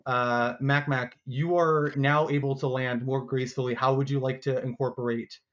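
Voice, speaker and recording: A man's voice: medium pitch, level tone, normal speed, dull audio. A man narrating a tabletop game as game master, in loose, casual talk with fillers.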